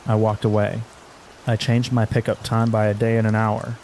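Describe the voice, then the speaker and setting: A man with a lowish voice reads a quiet horror story for sleep, soft-spoken and unhurried. His delivery stays flat and even, barely rising or falling. Faint steady rain sits underneath. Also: slight background noise, low-quality recording. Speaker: narrator. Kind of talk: calm scripted horror narration for sleep.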